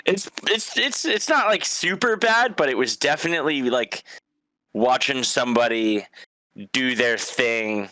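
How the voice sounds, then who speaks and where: Animated young man telling stories. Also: mid-range voice, a little slow, no echo. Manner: animated, laughs often, swears, acts out voices. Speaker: guest. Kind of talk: casual storytelling.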